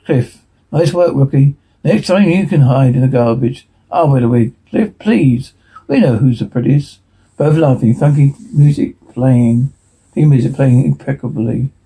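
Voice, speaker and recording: A man reading a TV episode transcript aloud in a hurried way, stumbling and restarting words now and then. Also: medium pitch, vocal fry, warm tone, husky, low-quality recording. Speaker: reader.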